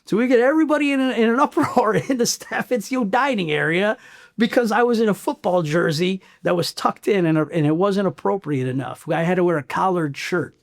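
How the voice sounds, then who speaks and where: A middle-aged man from Chicago's South Side tells a story in an interview. His voice sits a little high for a man, and his delivery is blunt and animated. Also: fairly quick, vocal fry. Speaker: former Marine master sergeant, guest.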